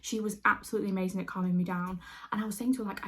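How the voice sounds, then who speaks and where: A woman's voice: medium pitch, little pitch movement, racing, a little hiss or hum. A young woman telling a personal story to camera in a chatty, casual way, full of filler words. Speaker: beauty vlogger.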